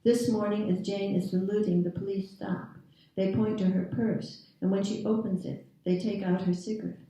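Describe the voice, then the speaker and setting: A woman author reading her own prose aloud at a literary event, in a measured, deliberate storytelling manner. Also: mid-range voice, little pitch movement, mellow. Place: reading series venue. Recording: very echoey room, distant mic.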